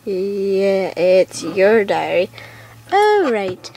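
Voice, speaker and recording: A woman's voice: mid-range voice, very animated, extremely slow, background noise. A woman making a doll show, doing every character in playful switching voices, recorded at home. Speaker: doll video maker voicing all characters.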